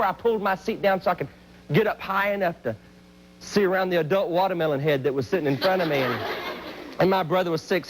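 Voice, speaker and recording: High-voiced, animated male comic storyteller. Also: a little hiss or hum, low-quality recording. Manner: animated, hyperactive storyteller with sudden loud outbursts. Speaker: Christian comedian and singer.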